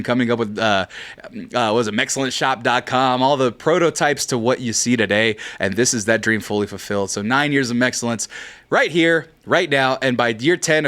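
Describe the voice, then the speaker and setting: A man's voice: medium pitch, fairly bright tone. A man in his thirties from California hosting a livestream in a joking, rambling way with playful swearing. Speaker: streamer host. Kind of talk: casual livestream chat.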